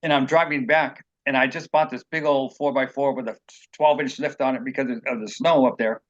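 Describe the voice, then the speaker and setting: A man's voice: medium pitch, steady tone, fairly quick, lo-fi sound. Rambling earnest man telling stories. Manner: rambling, earnest, acts out quotes. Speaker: interview guest, author. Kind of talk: personal storytelling in an interview.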